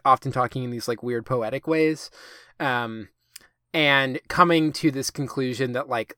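A man co-hosts a podcast, his mid-range voice fairly bright, clear and resonant as he rambles in casual conversation with lots of fillers and the odd curse. The recording is clean studio sound, free of echo.

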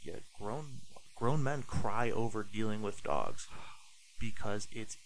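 A man's voice: fairly low pitch, lively intonation, takes it slowly, a little hiss or hum, poor audio. A man who trains dogs, talking as a podcast guest in a laid-back way, full of "like" and swearing. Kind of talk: casual podcast chat.

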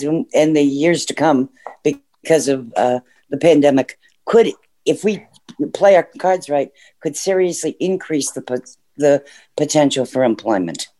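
A man's voice: fairly high pitch, warm tone. A man calling in to a discussion program, making earnest points and sometimes losing his train of thought. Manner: earnest, loses track of thoughts. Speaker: caller. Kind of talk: call-in comments.

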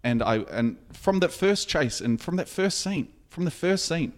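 A man's voice: on the high side, animated, moderate pace. Joking man riffing casually. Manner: jokey, riffs on scenes with comic voices. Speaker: podcast co-host. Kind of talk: casual chat.

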